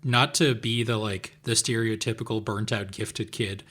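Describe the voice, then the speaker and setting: A man's voice: lowish voice, steady tone, moderate pace, pushed and bright. A man co-hosting a podcast, rambling casually with many fillers. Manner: rambling, lots of "like" and "um". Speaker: podcast co-host. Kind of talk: casual chat.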